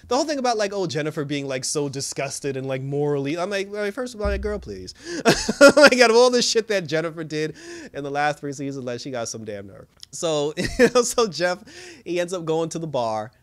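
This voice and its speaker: A man's voice: a little high, fairly quick. A man giving a casual, rambling recap of a TV episode, laughing often and acting out what the characters said. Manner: animated, laughs often, acts out characters' lines; rambling with many restarts and fillers. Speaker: TV show reviewer.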